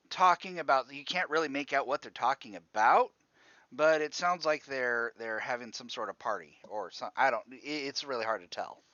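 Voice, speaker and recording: A man's voice: medium pitch, sharp tone, no echo, highs cut off. A man running a tabletop game as game master, who rambles, thinks aloud and laughs often.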